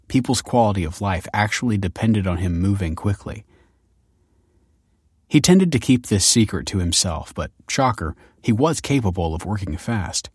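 A man reading a story aloud in measured, scripted audiobook narration. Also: sits low, husky, no room sound, studio quality.

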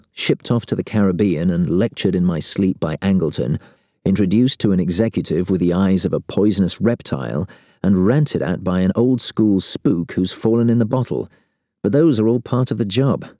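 A man reads a first-person novel with wry, sardonic timing. His voice sits very low and sounds mellow and dark. The recording is close and dry. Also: lively intonation, normal speed, no room sound. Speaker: audiobook narrator. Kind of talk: first-person audiobook narration.

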